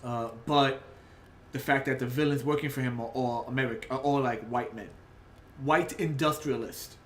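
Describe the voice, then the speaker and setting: A man talks loosely on a livestream, drifting from point to point and leaning on "like" while he thinks. His voice sits at an ordinary middle pitch. The room has a noticeable echo, with a faint hiss underneath. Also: steady tone, normal speed. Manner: rambling, filler-heavy with frequent "like". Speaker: artist streamer. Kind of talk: casual livestream chat.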